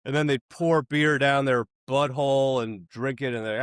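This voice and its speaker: A man telling a long comic story in a casual interview, animated and acting out the people he quotes, with some swearing. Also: medium pitch, moderate pace, smooth, no echo, studio quality. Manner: animated, acts out quoted voices, swears freely. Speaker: filmmaker telling stories.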